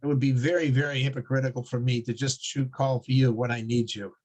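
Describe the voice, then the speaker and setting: A man's voice: medium pitch, little pitch movement, fast, darkish tone, pitched below the performer's own voice, natural voice. A man voicing a frightened atheist man who bargains with God in a joke. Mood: pleading.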